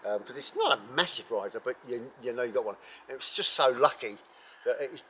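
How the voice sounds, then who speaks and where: A man hosting an archery channel, talking casually and rambling with many ums and self-corrections while reviewing a bow outdoors in bright sun. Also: medium pitch, lively intonation, fairly quick, a little hiss or hum. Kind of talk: casual unscripted gear review.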